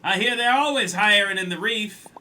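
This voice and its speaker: A man's voice: sits high, moderate pace, bright, forceful tone, a little hiss or hum, pitched above the performer's own voice. A man voicing an impatient, bullying male crab tax collector in a put-on New York accent. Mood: impatient, bossy.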